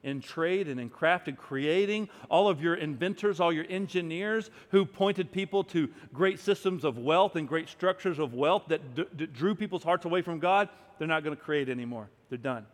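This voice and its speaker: Guy preaching, kinda high voice, goes quiet then loud, long echo like a big hall. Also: normal speed, hardly any pauses. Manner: swings from hushed to loud, emphatic preaching. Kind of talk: sermon with scripture reading.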